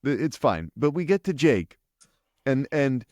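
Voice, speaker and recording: A man's voice: mid-range voice, sing-song, measured pace, darkish tone, no echo, clean studio sound. A man co-hosting a casual podcast, recapping a TV episode in a rambling way with many restarts. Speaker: podcast co-host.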